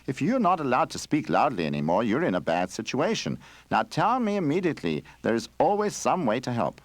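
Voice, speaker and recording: A man voicing an old wandering male bear in a storybook game who talks loudly and plainly. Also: mid-range voice, wildly swooping pitch, a little fast, no room sound, voice pushed up. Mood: determined.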